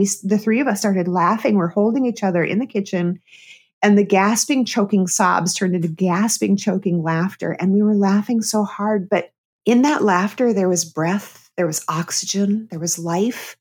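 A woman's voice: medium pitch, normal speed, a little mellow, breathy edge. A middle-aged woman, a therapist and comedian, telling a candid personal story as a guest on an interview show. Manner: earnest, candid storyteller who breaks into laughter.

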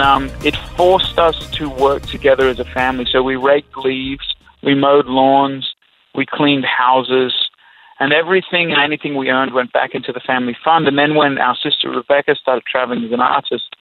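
A man's voice: medium pitch, a bit bright, low-quality recording. A man from Australia, a musician guest telling a story reflectively in casual interview chat.

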